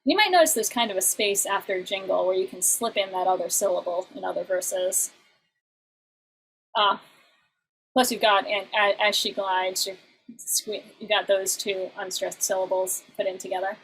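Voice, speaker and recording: A woman teaching an online class, explaining in halting bursts and now and then breaking into short sung examples. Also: medium pitch, a bit bright, slight background noise, low-quality recording.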